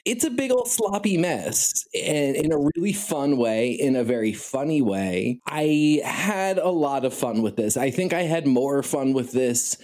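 A man co-hosting a comic book podcast, talking in a reflective, measured way through long explanations. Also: mid-range voice, sing-song, a little mellow. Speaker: podcast co-host.

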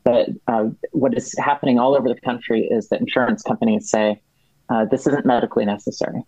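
A man on as a guest, explaining policy at length in a halting way, with many restarts and fillers. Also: mid-range voice, steady tone, warm tone, slightly rough, no room sound, highs cut off. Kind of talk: explaining policy in a podcast chat.

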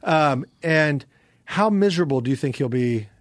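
A man co-hosting a podcast, chatting casually and telling stories with animated, playful delivery. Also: a little high, moderate pace, dry recording, clean studio sound. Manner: animated storyteller, does silly voices. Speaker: podcast co-host. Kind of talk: casual chat.

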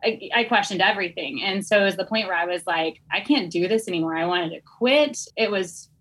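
A woman's voice: medium pitch, lively intonation, brisk, fairly bright tone, slightly rough, rough recording. A young adult woman, a teacher, telling her story on a podcast in a candid, earnest way. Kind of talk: casual podcast conversation.

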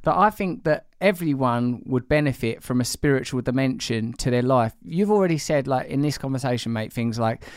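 A man in his forties hosts a casual podcast chat. His voice is smooth and resonant, recorded dry and close. He rambles and pokes fun at himself, with the odd casual swear. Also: mid-range voice, animated, fairly quick, hardly any pauses, dry recording. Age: 40s. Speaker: podcast host.

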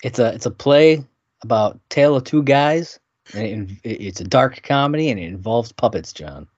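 A man's voice: medium pitch, animated, normal speed, a little mellow, no room sound. A man co-hosting a podcast, laughing often and recapping scenes with enthusiasm. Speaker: podcast co-host. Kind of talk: casual chat. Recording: dry, dull lo-fi sound.

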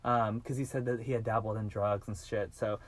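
A man hosting a podcast, telling a true-crime story in a casual, animated way and swearing freely. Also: lowish voice, brisk, no room sound. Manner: animated, swearing, acts out quoted voices. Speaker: podcast host.

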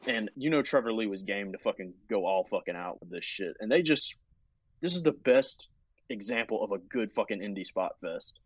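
A man's voice: lowish voice, expressive, normal speed, husky, no echo, dull audio. A man co-hosting a podcast in casual chat, talking like an enthusiastic, profane fan. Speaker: podcast co-host.

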